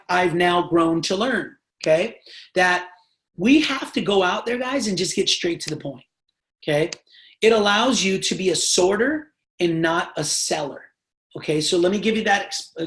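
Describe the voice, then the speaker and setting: A sales trainer coaching a team over a live video call, pressing each point hard and checking in again and again. The voice sits in a middle pitch. The audio rings with room echo. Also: a bit bright. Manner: emphatic, repeatedly checks in with the audience.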